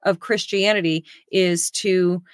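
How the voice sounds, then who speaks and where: A woman hosting a casual political chat, talking haltingly with many pauses. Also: on the low side, steady tone, no echo, studio quality. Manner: halting, lots of fillers and restarts.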